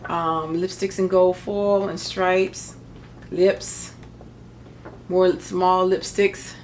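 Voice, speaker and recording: A woman's voice: lowish voice, flat delivery, very slow, a little hiss or hum. A middle-aged woman chatting casually through a craft paper haul, rambling with joking asides. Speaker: crafting vlogger. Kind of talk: casual haul show-and-tell.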